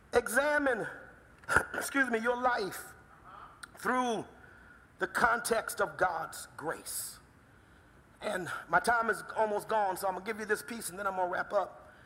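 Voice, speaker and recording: A middle-aged man preaching a sermon in a church, calling out to the congregation and building to fervent shouts. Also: very high-pitched. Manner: call-and-response preaching, rising to fervent shouts. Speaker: pastor. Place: church sanctuary. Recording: long reverb of a large hall.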